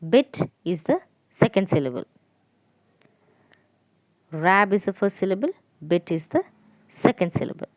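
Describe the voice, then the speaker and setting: A woman's voice: medium pitch, no echo. Woman, teacher, repetitive, spells out letters, dry recording. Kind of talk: classroom lesson for children.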